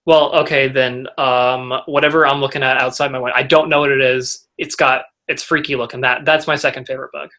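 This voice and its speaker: A teenage boy and young actor in a casual interview, rambling and halting, with frequent restarts. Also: mid-range voice, flat delivery, sharp tone.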